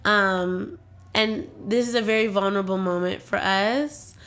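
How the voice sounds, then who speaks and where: Young woman co-host, casual, affirming, mid-pitched. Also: fairly even intonation, measured pace, fairly bright tone. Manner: supportive, affirming. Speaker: podcast co-host. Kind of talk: casual chat.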